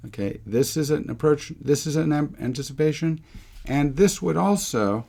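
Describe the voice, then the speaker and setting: Gravelly-voiced man teaching music theory. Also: medium pitch, a little mellow. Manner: thinking aloud, rhetorical questions, self-corrections. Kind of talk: screen-recorded music theory lesson.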